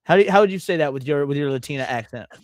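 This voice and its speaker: Male stream host, a touch high-pitched, rambling casual chat, dry close sound. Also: lively intonation, very fast, a little mellow, dry recording. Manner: loose, rambling, stumbles over words.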